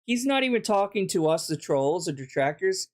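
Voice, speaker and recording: A commentary streamer rants his way through a reaction video, bluntly and profanely dismissive of what he's watching. His voice is slightly high for a man, his delivery loose and casual. He's very animated but keeps a normal speed.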